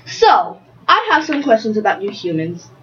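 A woman playing a chatty young female unicorn in an improvised interview, earnest and a bit halting. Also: mid-range voice, huge pitch swings, a bit bright, highs cut off. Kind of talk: improvised role-play interview.

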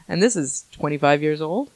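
A woman's voice: sits low, darkish tone, no room sound. Chatty, giggly woman podcaster. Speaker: podcast co-host. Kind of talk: casual chat.

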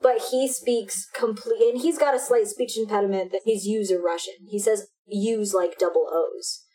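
Young woman talkin from home on a headset, middle pitch, rambly, keeps restarting. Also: normal speed, low-quality recording. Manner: rambling, restarts sentences, animated. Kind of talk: casual chat. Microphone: headphones with a mic.

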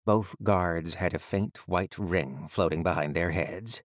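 A deep-voiced man narrating a fantasy audiobook in a measured, even storytelling manner. The recording is dry and close, with no room sound. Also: dry recording.

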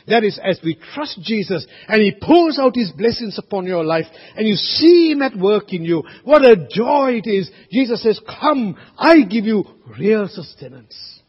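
Pastor, male, husky and high, earnest sermon delivery with loud peaks and soft asides; dull lo-fi church recording. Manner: earnest, swings from loud exhortation to quiet asides. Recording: dull lo-fi sound with long hall reverb.

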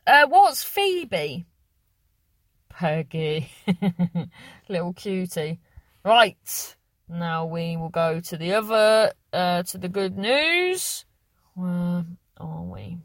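A woman's voice: fairly low pitch, dry recording. A young woman hosting a podcast, chatting casually and reading out listener messages, rambling and correcting herself. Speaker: podcast host.

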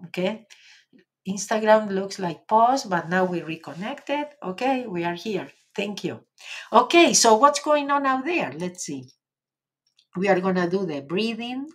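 A woman with an Argentinian Spanish accent, a native Spanish speaker, hosting a casual live stream and reading viewer comments in a gentle, encouraging way with many fillers. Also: mid-range voice, expressive, unhurried, breathy edge.

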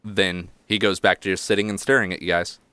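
A male game master with a low, smooth voice narrates a tabletop game. His descriptions are relaxed, and the sound is dry and close. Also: fast talker, no echo.

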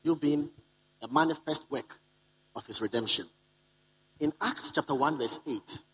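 A man's voice: on the high side, unhurried, a bit bright, poor audio. A man preaching a sermon to a live congregation, repeating key lines for emphasis and calling out to the listeners. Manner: calls out to the congregation. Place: conference hall.

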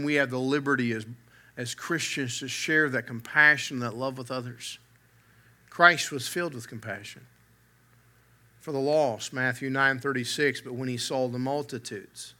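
A man's voice: mid-range voice, pushed and bright. A man preaching a sermon from the pulpit, mixing humor with earnest emphasis that swells and drops. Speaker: pastor.

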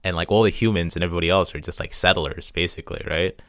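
A young man chatting casually on a podcast, relaxed and conversational. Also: sits low, quick pace, no echo, studio quality. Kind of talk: casual chat.

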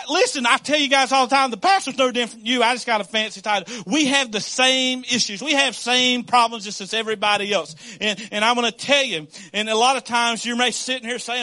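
Male pastor, middle-aged, high bright voice, storytelling sermon. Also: a little fast, few pauses. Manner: storytelling with laughs and acted quotes.

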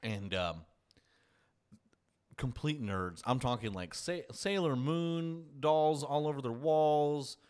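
A man's voice: mid-range voice, expressive, takes it slowly, a little mellow, clear, resonant tone. A man telling a story in casual chat, rambling and restarting, laughing often.

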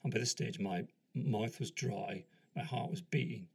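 Gravelly-voiced man telling a rambling story. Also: on the low side, a little slow, a little mellow. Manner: rambling, self-deprecating, acts out the other people in his story. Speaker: podcast host. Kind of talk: casual storytelling monologue.

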